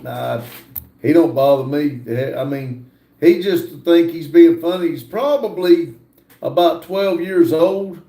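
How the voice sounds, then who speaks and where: An older man hosting a livestream, reading viewer comments aloud and answering in a relaxed, casual way. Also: a little high, roomy sound. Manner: slow, laid-back reading of comments aloud. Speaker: livestream host reading chat.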